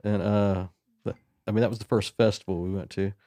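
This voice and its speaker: A man in his forties co-hosting a casual chat, telling a story in a rambling, self-mocking, animated way. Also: fairly low pitch, a little fast, dry recording, studio quality. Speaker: podcast co-host.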